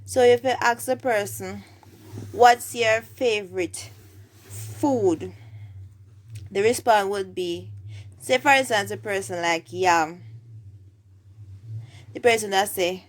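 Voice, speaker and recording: A woman's voice: mid-range voice, slow pace, pauses often. A woman with a Jamaican accent teaching everyday phrases, saying each example twice. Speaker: language teacher.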